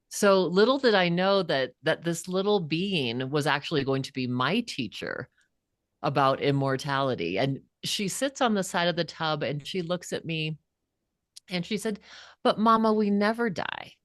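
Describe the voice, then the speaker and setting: A woman's voice: sits low, measured pace, dry recording, studio quality. A woman guest and author in an interview, telling a personal story earnestly and with animation. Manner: earnest, animated, acts out quoted voices.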